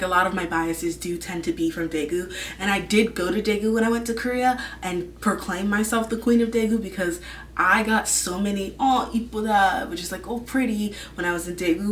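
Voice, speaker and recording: A woman's voice: medium pitch, fairly even intonation, brisk, distant mic, slight background noise. Gushing young woman, roomy echo. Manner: rambling, gushing, full of "like" fillers. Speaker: vlog host. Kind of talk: casual chat.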